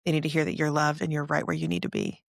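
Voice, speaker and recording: A young woman hosts a podcast in a casual, animated way and laughs easily. Her voice sits low and carries a gravelly fry. The sound is dry and close. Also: fast, no echo. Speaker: podcast host. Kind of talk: casual interview chat.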